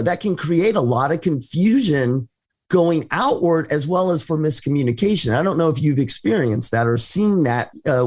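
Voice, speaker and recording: A man's voice: a little high, darkish tone. A man co-hosting a business talk show, speaking conversationally with frequent restarts and hesitations. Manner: hesitant, many restarts and fillers. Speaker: podcast co-host.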